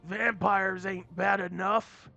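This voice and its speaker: A man doing a gruff rock-skinned brawler. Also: high-pitched, fairly even intonation, slow, pushed and bright, full character voice. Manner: growling, drawling. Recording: dull lo-fi audio, faint music.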